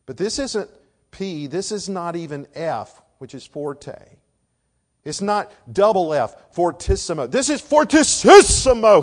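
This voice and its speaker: Man, preacher, sermon, slightly high voice, hushed then shouting. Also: sing-song, measured pace. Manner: swings from hushed to shouting for emphasis.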